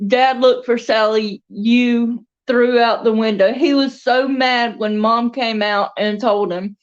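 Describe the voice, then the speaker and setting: A woman's voice: on the high side, fairly even intonation, takes it slowly, muffled recording. A woman with a Southern US accent telling a rambling, chatty story in a casual vlog, with laughs between thoughts. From American South. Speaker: crochet and doll vlogger.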